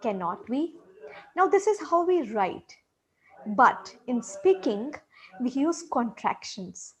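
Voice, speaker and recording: Slow, patient woman teaching intonation. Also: sits high, sing-song. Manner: patient, repeats example sentences with exaggerated rising and falling tones. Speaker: English teacher. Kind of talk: micro-lesson on intonation.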